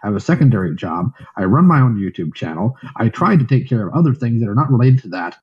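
A man's voice: on the low side, big pitch swings, quick pace. Scolding man on a muffled call. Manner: scolding, contemptuous. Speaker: voice call participant. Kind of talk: angry lecture in a voice call.

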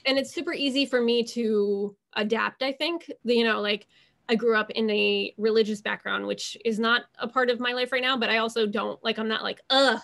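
A woman's voice: on the high side, steady tone, brisk, vocal fry, fairly bright tone. A young adult woman talking casually as an interview guest, rambling with many fillers and restarting her thoughts.

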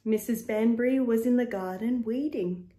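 A woman reading a children's picture book aloud in a slow, expressive, rhythmic way. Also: on the high side. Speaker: storyteller. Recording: echoey room.

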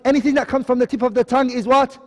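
High-voiced male tajweed teacher quizzing. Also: steady tone, a little mellow, in a large hall. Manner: quizzing, asks and answers his own questions; recites Arabic terms quickly, then explains in English. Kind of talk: online lesson.

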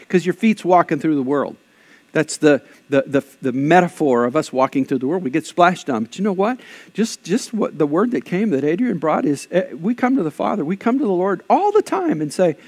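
A man pastor preaching a lively sermon, shifting between conversational asides and loud, emphatic bursts. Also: a little high. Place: church.

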